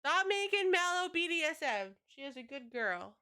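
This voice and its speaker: Woman gaming on stream, super animated up-and-down voice, chatty, kinda rambly, drops swears. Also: high voice, normal speed. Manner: rambling, swears casually, talks to chat. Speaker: game streamer. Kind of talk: casual live-stream chat.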